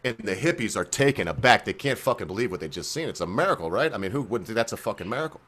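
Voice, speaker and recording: A man hosting a show, tipsy from drinking, telling crude jokes in a rambling, animated way. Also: on the low side, rapid-fire. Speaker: host. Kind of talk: drunken joke-telling.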